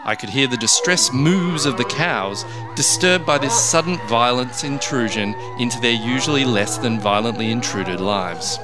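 A man reading a comic first-person story in a dry, deadpan way. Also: mid-range voice, moderate pace, few pauses. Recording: background music.

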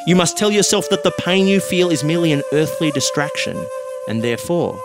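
Quiet llama sage voiced by a man, slow speech, solemn, lively intonation, music bed. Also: a little high, voice pushed up, lightly acted. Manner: speaks very quietly and slowly.

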